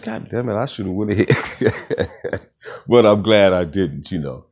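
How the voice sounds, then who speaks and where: A middle-aged man casually telling a personal story, rambling and slangy, with lots of fillers. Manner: rambling, slangy, acts out quoted friends in a higher voice. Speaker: author and storyteller.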